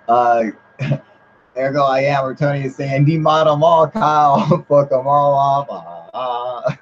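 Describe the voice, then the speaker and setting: During a casual livestream chat, the host reads out viewers' comments, swears freely, keeps things loose, and laughs a lot. He talks slowly in a mid-range voice, pausing often, with slight background noise over muffled lo-fi stream audio.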